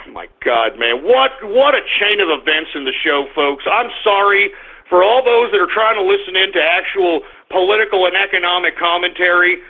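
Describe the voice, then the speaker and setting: A man's voice: high voice, lively intonation, moderate pace. A male talk radio host, exasperated and swearing, rambling with restarts through a live on-air rant from his office. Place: home office. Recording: tinny phone-like radio stream.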